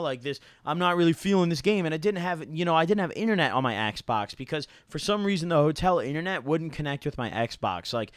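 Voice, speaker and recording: A man's voice: a little high, no echo, studio quality. A young man telling a rambling, slang-heavy story to his viewers, full of "like" and "dude" and casual swearing. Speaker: YouTuber.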